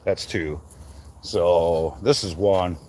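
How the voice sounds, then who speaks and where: A Michigan man who runs a tree business chats casually on a live stream from an outdoor work site, swearing freely and rambling loosely. His voice is low-pitched with drawn-out words, and background noise can be heard.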